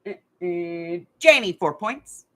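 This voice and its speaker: A woman's voice: fairly low pitch, animated, slow. A middle-aged woman, hosting a casual live stream game and telling rambling stories with frequent laughs. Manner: chatty, rambling, laughs often. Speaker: host of a craft channel live game. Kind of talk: casual chat and storytelling. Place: hot room at home.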